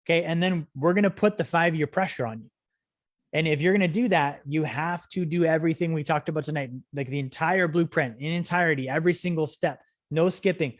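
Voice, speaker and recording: Fairly high and a little fast, his voice comes through clean studio sound without room tone. He's a young financial education course host teaching on a live stream, energetically rallying viewers with repeated "right?" and "okay?"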